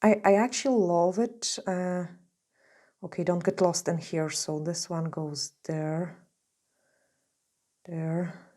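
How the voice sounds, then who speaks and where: Woman doing a nail tutorial, slow and chatty, voice going a bit hoarse. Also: lowish voice, fairly even intonation, darkish tone. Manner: chatty and gushing, many "like" fillers. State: losing her voice. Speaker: nail artist teaching a tutorial. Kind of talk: casual tutorial narration while working.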